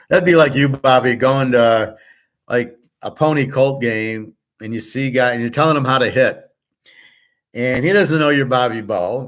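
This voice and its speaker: A man's voice: medium pitch, fairly bright tone. Middle-aged male host, casual solo ramble, blunt and repetitive, mid-range voice. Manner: blunt, repeats himself, swears. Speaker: channel host.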